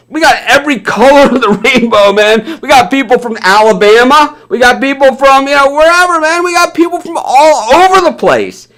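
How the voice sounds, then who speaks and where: A man's voice: high-pitched, fairly bright tone. A man from the American South hosting a sports news stream, ranting live in a heated, blunt way, swearing often and ending lines with "man". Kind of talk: live impassioned rant.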